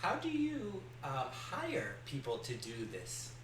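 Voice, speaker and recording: A man's voice: sits high, wildly swooping pitch, takes it slowly, a bit bright, a little hiss or hum. A man hosting a podcast, asking curious, probing questions. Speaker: podcast host. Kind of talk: interview questions. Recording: roomy and distant from the mic.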